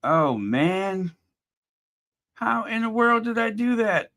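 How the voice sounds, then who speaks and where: Sitting high and very animated, the man's fairly bright voice unfolds at a slow pace. He hosts a casual live commentary stream, talking to viewers in a chatty, exasperated way and thinking out loud.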